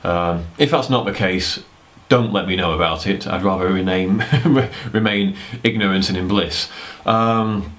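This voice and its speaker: A man's voice: deep voice, unhurried, hardly any pauses, fairly bright tone. A young man giving casual dating advice to camera, rambling and blunt, with casual swearing. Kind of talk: casual talking-head advice.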